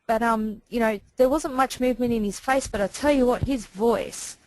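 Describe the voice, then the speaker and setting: A woman's voice: fairly high pitch, normal speed, no room sound, rough recording. A woman taking part in a webinar discussion, talking in a rambling way with many restarts. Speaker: webinar participant.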